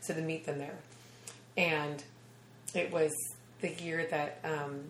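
Animated woman telling a comic story. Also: low voice, slow, reverberant, slight background noise. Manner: animated, acts out quoted voices, laughs often. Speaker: comedian guest. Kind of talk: casual storytelling chat.

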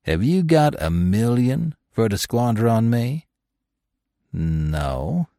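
A man's voice: medium pitch, sing-song, slow pace, warm tone, no room sound, studio quality. A man voicing a sullen old trapper and whaler who talks in a folksy, blunt backwoods drawl.

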